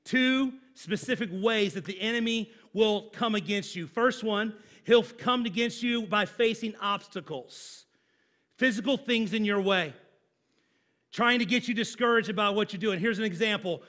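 A man's voice: high voice, moderate pace, a bit bright. A man, a pastor, preaching a sermon in a conversational, emphatic way with everyday examples.

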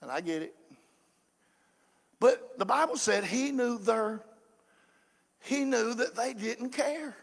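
Folksy male preacher, sharp forceful tone, reverberant sanctuary. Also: very high-pitched. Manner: folksy preaching, swinging from quiet asides to shouted fervor. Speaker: pastor. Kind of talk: sermon. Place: church sanctuary. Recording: echoey church hall.

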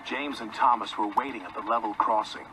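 A man narrating a children's story in a lively, expressive storytelling manner. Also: on the low side, fairly quick, poor audio. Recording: narration with music behind. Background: music.

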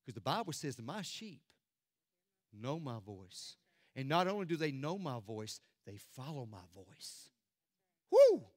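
A man preaching a sermon as pastor, swinging from loud declarations to hushed near-whispers. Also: medium pitch, very animated, measured pace, no room sound, clean studio sound. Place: church sanctuary.

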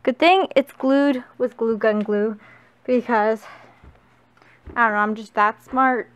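A woman's voice: on the high side, steady tone, takes it slowly, long pauses, clean tone, lo-fi sound. A young woman vlogging on a handheld camera, chatting casually and cooing in baby talk to her pets. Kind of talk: casual handheld vlog chat.

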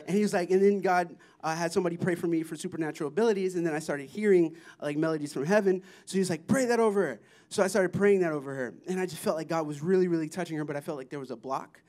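A man with a notably high voice shares testimonies from a mission trip before a church. He tells the stories with excited, animated energy, often breaking into laughter. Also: very fast, hardly any pauses. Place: church service.

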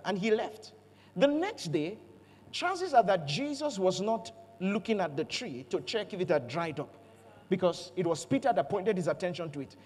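High-voiced pastor preaching in a hall. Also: male voice, slightly rough. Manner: animated, playful storytelling with jokes and call-outs to the congregation. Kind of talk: sermon. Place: church auditorium.

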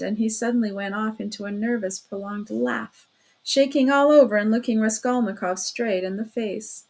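A woman narrates a classic novel in a steady reading voice and now and then corrects a slipped word. Her pitch sits a little high for a woman. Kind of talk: audiobook narration.

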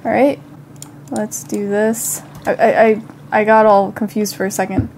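A woman's voice: medium pitch, level tone, a little slow, pauses often, a little mellow, a little hiss or hum. A young woman doing casual gameplay commentary while slightly sick, chatting to herself and bursting into panicked outcries. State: slightly sick, occasional cough. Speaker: gaming channel host.

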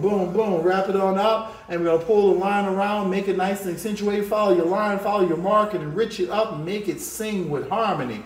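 A man teaching a drawing lesson on video, coaching with energetic, repetitive chanting of each step. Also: sits high, recorded from a distance. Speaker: art teacher. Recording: echoey room, voice off-mic.

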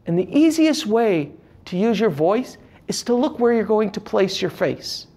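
A man's voice: sits high, a little slow. A man teaching public speaking tips to camera, with an emphatic delivery and demonstrating gestures as he talks. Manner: animated, emphatic delivery with shifting inflection. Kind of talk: instructional talk to camera.

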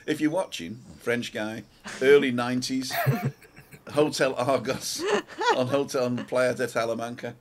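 A man's voice: mid-range voice, measured pace, heavy background noise. A man hosting a casual talk show, telling stories animatedly and imitating singers. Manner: animated storyteller, mimics singing. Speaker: host. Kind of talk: casual chat.

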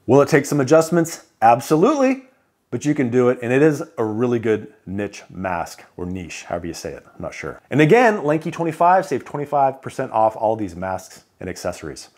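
A man's voice: mid-range voice, sing-song, a little fast, a little mellow. Chatty man reviewing sleep gear. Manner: chatty, joking asides. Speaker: CPAP equipment reviewer. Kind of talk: casual product rundown.

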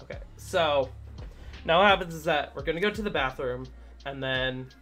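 A man's voice: a little high, normal speed, fairly bright tone, soft background music. A man streaming a game live, chatting casually with viewers and cooing at his dog in baby talk. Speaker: livestreamer.

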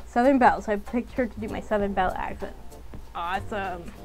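A woman's voice: medium pitch, steady tone, a little fast, faint music behind, rough recording. A young woman chatting casually while playing a story game, rambling along with frequent ums. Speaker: game streamer.

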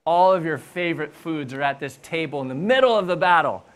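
A pastor, preaching a sermon through playful, animated storytelling. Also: mid-range voice, fairly quick. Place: church.

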